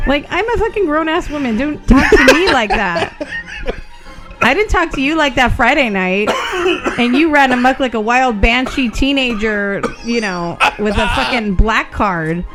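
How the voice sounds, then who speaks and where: A woman's voice: on the high side, animated, normal speed, loud music behind the voice. A young woman co-hosting a podcast, chatting casually and teasing bluntly with frequent swearing. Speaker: podcast co-host. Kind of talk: casual banter.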